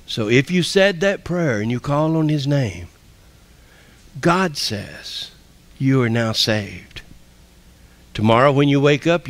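A man preaching a sermon and leading an altar call, impassioned, swinging from loud calls to hushed near-whispers. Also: mid-range voice. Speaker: pastor.

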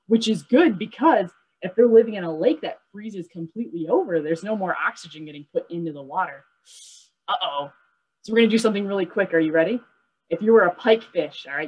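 A lively young woman leads a webinar lesson for children, talking over a video call. Her voice sits a little low and has a husky edge. She keeps checking in with the kids, asking them questions and tagging "right?" onto her points. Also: rough recording. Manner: upbeat, asks kids questions, says "right?" often. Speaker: nature educator.

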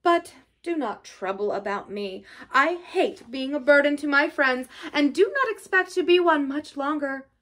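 A woman voicing a sly male toad who plays at being gravely ill, speaking faintly and with drooping sighs. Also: high voice, animated, a little slow, fairly bright tone, voice pushed up. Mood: self-pitying. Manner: faint, drooping, sighing delivery. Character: feeble self-pitying male toad, sly and languid.

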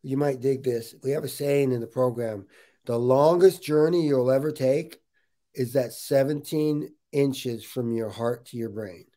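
A middle-aged man hosting a podcast, telling a personal story in a casual, animated way and saying "dude" often. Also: medium pitch, unhurried. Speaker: podcast host. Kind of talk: casual interview chat.

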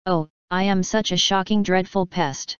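Woman reading as a cheeky storybook centipede, gleeful, boastful, low clear voice, dry recording. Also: fairly even intonation, moderate pace, dry recording, lightly acted. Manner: boisterous and gleeful. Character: boastful, gleeful centipede who loves being a pest. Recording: slightly dull, dry recording.

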